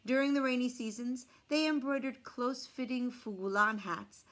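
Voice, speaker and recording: A woman telling a picture book folk tale aloud in a fairly high voice. She reads with expressive storytime energy, now and then dropping to a soft hush to point out the pictures. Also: normal speed. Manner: expressive reading with hushed asides about the pictures.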